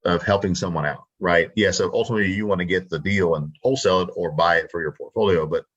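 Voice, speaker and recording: A man's voice: sits low, fast, fairly bright tone, husky, lo-fi sound. A Texan man, a real estate wholesaler, chatting confidently in an interview and acting out his phone scripts. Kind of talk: casual interview talk.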